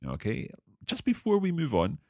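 A man hosting a language-learning podcast, explaining grammar in a clear, measured teaching manner. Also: on the high side, wildly swooping pitch, darkish tone, no room sound, studio quality.

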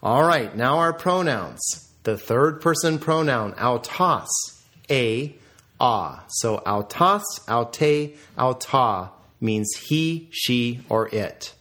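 A man teaching, reviewing vocabulary in a deliberate lecture style with careful pronunciation drills. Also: mid-range voice, animated, a bit bright.

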